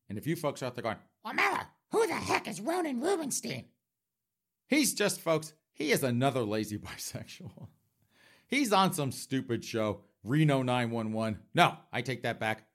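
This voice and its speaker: Speaking at a medium pitch with a fairly bright tone, this comedic commentator host rants in a campy, flamboyant, mock-indignant style. He talks straight to his audience, peppering it with frequent laughing asides.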